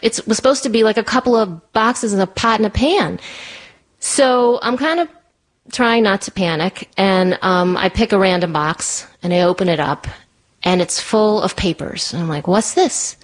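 A woman telling a personal story in a chatty way, full of "like" and "you know", jumping up high when she acts out voices. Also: moderate pace. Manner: lively, acts out quoted voices in a much higher pitch.

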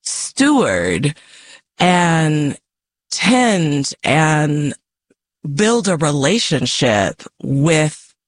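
A woman from the American West, an author and poet, answering interview questions in a measured, reflective way with frequent soft laughs. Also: deep voice, sing-song, dry recording.

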